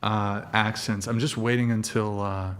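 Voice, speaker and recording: A man's voice: fairly low pitch, flat delivery, a little slow, fairly bright tone, a little hiss or hum. A man hosting a casual panel chat, joking, crude and self-deprecating. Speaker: host.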